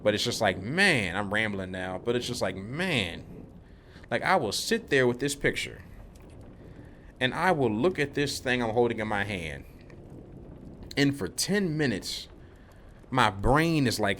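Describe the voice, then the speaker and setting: A man's voice: medium pitch, animated, moderate pace, fairly bright tone, a little hiss or hum. A young man vlogging, telling a rambling, laid-back story about work, full of slang. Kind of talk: casual rambling monologue.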